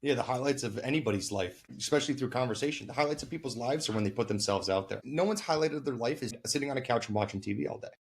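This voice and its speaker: Husky-voiced male podcast host. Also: mid-range voice, fast talker, few pauses. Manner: emphatic, motivational, loosely profane. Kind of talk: casual interview talk.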